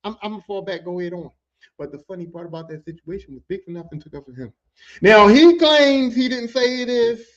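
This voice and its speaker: A man's voice: sits high, fairly quick. A man hosting a podcast, telling a work story in a casual, profane way and acting out other people's lines. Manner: animated, profane, acts out quotes in other voices. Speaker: podcast host. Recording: dull lo-fi audio.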